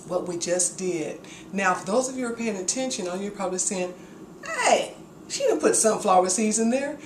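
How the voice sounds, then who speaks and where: An enthusiastic woman chats her way through a home cooking demonstration in her kitchen. The room is echoey, with pots and cutlery clattering in the background. Her pitch sits in an ordinary middle range. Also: background noise. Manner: enthusiastic, chatty, grateful. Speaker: cooking video host.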